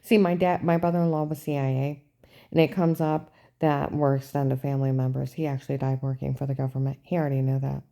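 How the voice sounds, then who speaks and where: A woman's voice: rumbling low, level tone, brisk, gravelly, mellow. A woman giving a rambling, aggrieved first-person account, repeating herself and agitated. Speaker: vlogger recounting a personal ordeal.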